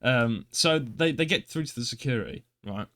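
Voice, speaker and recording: A man's voice: mid-range voice, moderate pace. Young East London man telling a story. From England. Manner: animated, acts out voices, swears freely. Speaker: podcast co-host. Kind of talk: casual storytelling chat.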